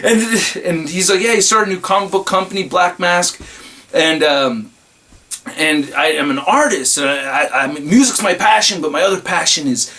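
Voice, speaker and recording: A man who reviews toys online, excitedly telling a rambling story in a casual vlog. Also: on the high side, moderate pace. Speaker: toy reviewer and YouTuber.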